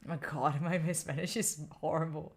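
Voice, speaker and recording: A woman's voice: low voice, fairly even intonation, moderate pace, darkish tone, a little hiss or hum. A woman in her twenties, a study streamer from Italy, chatting tiredly and rambling as she answers her live chat. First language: Italian. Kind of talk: casual livestream chat.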